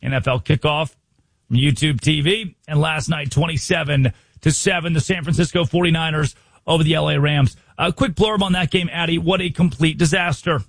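A man's voice: on the high side, fairly even intonation, moderate pace, no room sound. A young American man hosting a sports talk show, emphatic and full of rhetorical questions. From United States. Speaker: sports radio host.

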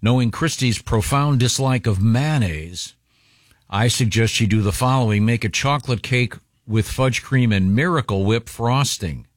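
A man's voice: mid-range voice, moderate pace, no room sound, studio quality. A man hosting a radio show who reads listener mail and jokes with his co-hosts. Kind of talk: casual radio banter.

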